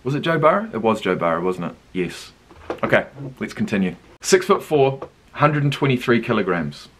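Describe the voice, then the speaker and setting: A young man with a New Zealand accent, hosting a casual reaction video and thinking aloud with lively surprise. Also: fairly low pitch, normal speed, a little hiss or hum. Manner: animated, thinks aloud, laughs and swears in surprise.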